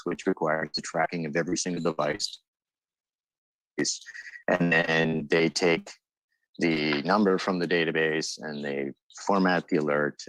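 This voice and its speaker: A man's voice: extremely low pitch, a bit bright, dry recording, rough recording. A man explaining alerting technology on a panel in a plain, step-by-step way. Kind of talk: panel discussion.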